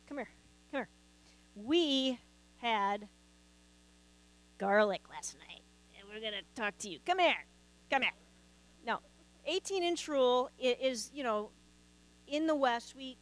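A woman's voice: fairly high pitch, low-quality recording. A woman preaching a sermon, talking conversationally and asking the congregation rhetorical questions. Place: church sanctuary.

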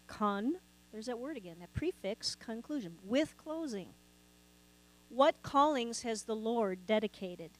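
In a church sanctuary, a woman preaches a sermon in a conversational way, asking the congregation rhetorical questions. Her voice is on the high side, and the recording is rough.

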